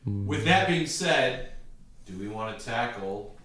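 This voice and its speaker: A man's voice: mid-range voice, lively intonation, slow pace, fairly bright tone, reverberant, soft background music. A man co-hosting a podcast, chatting casually with short, matter-of-fact remarks. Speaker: podcast co-host. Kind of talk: casual chat.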